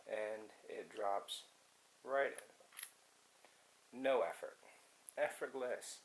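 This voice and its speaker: A man's voice: lowish voice, drawn-out words, long pauses, a little hiss or hum, rough recording. A man casually talking the viewer through a hands-on demonstration as he works. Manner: casual, talks to the viewer while working. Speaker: firearms video host.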